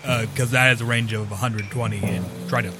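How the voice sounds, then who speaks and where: A man playing a tabletop game, speaking in a halting, uncertain way. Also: mid-range voice, steady tone. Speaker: player. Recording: clear background music.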